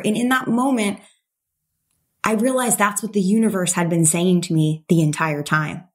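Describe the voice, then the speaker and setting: A woman's voice: medium pitch, moderate pace. A middle-aged woman as a podcast guest, telling a personal story with animation and acting out the voices of the people in it. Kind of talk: storytelling in an interview.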